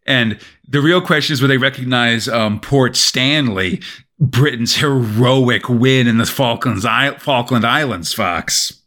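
A man co-hosting a podcast, casually retelling a comic's plot with lively storytelling and lots of "sort of" hedges. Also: mid-range voice, unhurried. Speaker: podcast co-host. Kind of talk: casual chat recapping a comic.

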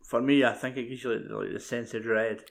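A man's voice: mid-range voice, fairly even intonation, brisk, gravelly. A man, co-hosting a casual film podcast, mostly chiming in with short agreements. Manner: laid-back, short agreeing interjections.

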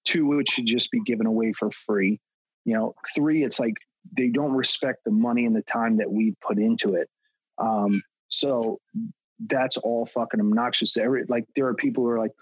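A man's voice: medium pitch, a little fast, breathy edge, no echo, dull audio. A man talking as a podcast guest, a fitness trainer who rants bluntly and swears a lot in casual chat. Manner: blunt and profane, ranting.

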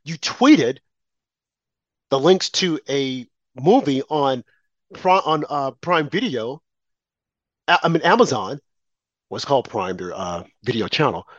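A man's voice: medium pitch, animated, slow pace, long pauses, no echo, dull audio. A man giving an emphatic political monologue, indignant and full of rhetorical questions. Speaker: commentary host.

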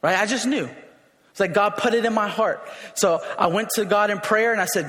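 A man preaching a sermon, emphatic and repetitive, rising to shouts at his peaks. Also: high voice, a little fast, long reverb tail. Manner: emphatic, repeats words, rises to shouts.

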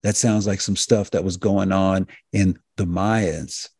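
A man with a very low, husky, fry-laden voice hosts a health talk radio show. He speaks in an emphatic, preacher-like cadence, repeating phrases for effect. His voice is recorded dry and close. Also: fairly even intonation, measured pace, darkish tone, dry recording. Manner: addresses listeners directly as folks and healers.

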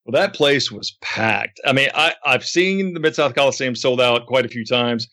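A podcast host in a casual interview chat tells stories with animated flair, acting out quotes in a lively way. He has a mid-range voice and talks at a normal speed.

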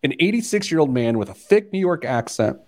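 Slightly high-voiced and speaking fairly quickly, a man in his forties runs a casual personal finance podcast. He tells lively stories, laughs a lot, and drifts off on tangents.

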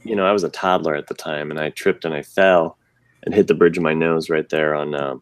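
A man co-hosting a podcast, telling a personal story in a rambling, halting way with many restarts. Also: a bass voice, fairly even intonation, clean tone, no room sound. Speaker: podcast co-host. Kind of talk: casual chat.

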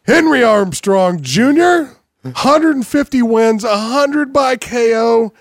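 A man's voice: very high-pitched, takes it slowly, no echo, clean studio sound. A man hosting a casual podcast chat, joking and laughing often. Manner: animated, laughs often, jokes.

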